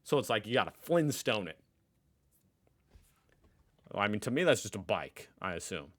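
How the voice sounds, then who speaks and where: A man's voice: lowish voice, very animated, normal speed, long pauses, fairly bright tone. An American man in his thirties hosting a reaction video with casual commentary and joking, sarcastic asides. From United States.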